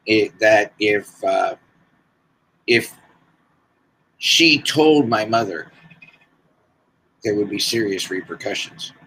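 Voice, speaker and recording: A man in his sixties telling his life story as a podcast guest, slow and deliberate with pauses. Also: on the low side, bright, forceful tone, a little hiss or hum, poor audio. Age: 60s. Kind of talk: personal storytelling.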